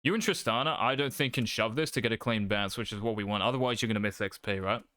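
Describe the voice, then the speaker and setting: A man's voice: on the low side, fast talker, pushed and bright, no room sound, studio quality. Brash man coaching gameplay. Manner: brash, swears freely, cocky. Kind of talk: casual gameplay coaching commentary.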